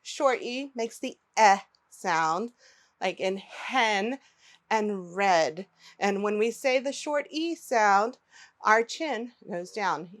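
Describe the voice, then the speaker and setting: A woman teaching phonics to young children, pronouncing each word slowly and clearly and inviting the listener to repeat it. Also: medium pitch, expressive, fairly bright tone. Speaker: early-learning teacher.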